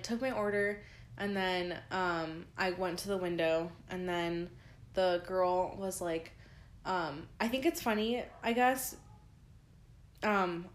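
A young woman co-hosting a podcast, telling stories in a casual, chatty way full of fillers, sounding tired. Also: lowish voice. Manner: chatty storytelling with many likes and ums. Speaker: podcast co-host. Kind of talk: casual chat. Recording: roomy echo.

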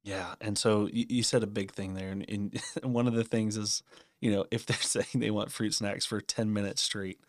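A man's voice: on the low side, little pitch movement, normal speed, dry recording, clean studio sound. A man in his thirties co-hosting a casual parenting podcast, candid and earnest, laughing at his own shortcomings. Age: 30s. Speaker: podcast co-host.

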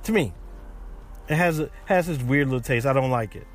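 A man's voice: mid-range voice, brisk, soft background music. A man hosting a casual podcast, chatting in a rambling way with many restarts. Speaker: podcast host. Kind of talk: casual chat.

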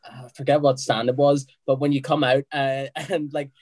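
A young man telling a story in casual chat, relaxed and hesitant with many fillers. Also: medium pitch, moderate pace, no room sound.

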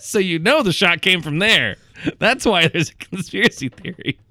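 A man co-hosting a casual movie review chat, animated and jokey, who sometimes breaks into shouted whoops. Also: sits high, moderate pace, no echo. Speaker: podcast co-host.

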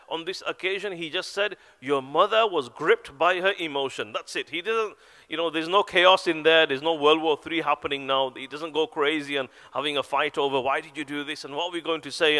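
A man giving an animated sermon in a mosque, telling stories and acting out quoted voices. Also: on the high side. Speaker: preacher.

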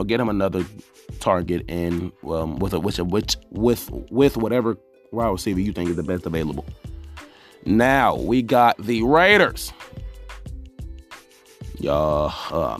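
A young man hosting a casual solo sports podcast, rambling and talking straight to teams as "y'all" with lots of restarts. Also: sits low. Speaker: podcast host.

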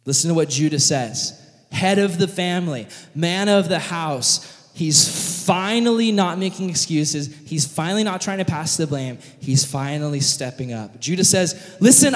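Man preacher, high voice, animated storyteller, big hall reverb. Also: a little slow. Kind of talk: sermon storytelling. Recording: long reverb of a large hall.

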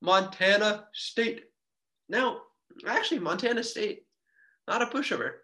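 A man with a bright, fairly high voice recaps a game in a casual sports podcast. He talks like an excitable fan, with jokey asides and quick bursts of speed. He sounds close to the mic.

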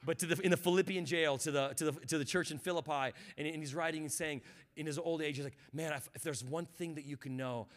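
A man preaching a sermon as guest pastor, building from quiet reflection to shouted fervor and calling on the congregation to respond. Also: a little high, fairly even intonation, fast talker.

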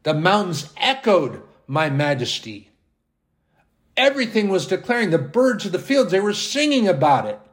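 A man voicing God, a majestic male figure who gently reproaches people in slow, grand, questioning words. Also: sits high, very animated, voice pushed up. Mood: reproachful, majestic.

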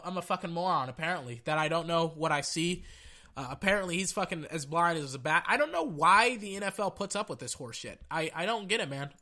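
A man's voice: on the high side, pushed and bright. A man giving a profane, exasperated rant about football refereeing, reading out quotes and then venting. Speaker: sports commentator. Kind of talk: angry sports rant.

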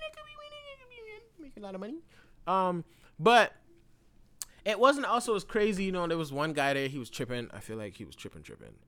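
A man hosting a podcast, telling a story in a loose, slangy way with plenty of swearing. He swings between loud bursts and low mumbles. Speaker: podcast host. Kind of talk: casual storytelling monologue.

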